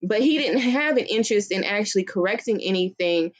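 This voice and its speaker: A woman's voice: medium pitch, lively intonation, a little fast. Woman talking viewers through a recording. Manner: conversational, reflective, explaining to viewers. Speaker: vlogger telling her story. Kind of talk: storytime commentary on a recording.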